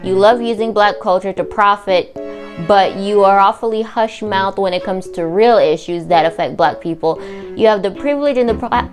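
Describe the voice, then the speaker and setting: A woman hosting a reaction vlog, talking in a heated, indignant and sarcastic way. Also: mid-range voice. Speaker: reaction channel host. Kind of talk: angry commentary vlog.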